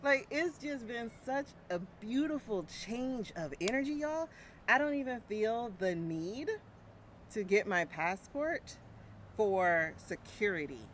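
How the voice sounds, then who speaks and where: A woman's voice: a little high, expressive, slow pace. A woman, chatting casually to her viewers outdoors with a phone mic, laughing often. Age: 40s. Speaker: brand coach. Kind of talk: casual vlog chat. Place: outdoors by a street. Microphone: small mic plugged into a phone. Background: faint traffic.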